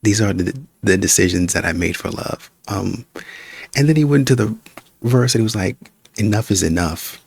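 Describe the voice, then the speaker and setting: A man's voice: fairly low pitch, moderate pace, gravelly, a little mellow, slightly rough. A man casually joking and rambling while reacting to clips. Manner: laid-back, joking, rambling. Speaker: reaction commentator.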